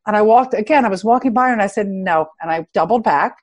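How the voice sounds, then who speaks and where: A middle-aged woman sharing heartfelt personal stories in a casual conversation, growing lively when she quotes other people. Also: medium pitch, quick pace, highs cut off. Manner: earnest, animated when quoting others.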